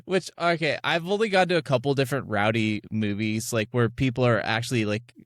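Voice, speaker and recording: A man co-hosting a podcast in casual chat, telling stories with animated bursts and laughs. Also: mid-range voice, brisk, no echo, clean studio sound. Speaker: podcast co-host.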